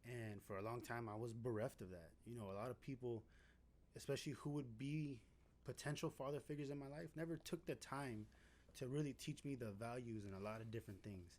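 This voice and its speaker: A man in his thirties with a mid-pitched voice speaks earnestly and reflectively. He talks in a measured way, pausing to find his words. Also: a little mellow, slight background noise. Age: 30s. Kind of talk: heartfelt reflective talk.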